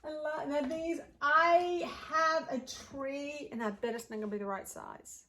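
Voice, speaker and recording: A woman's voice: a little high, animated, moderate pace, creaky, few pauses, a bit bright. A woman, chatting casually as she unboxes a thrift haul and gushes over each piece. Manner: gushing, chatty, talks to the ornaments.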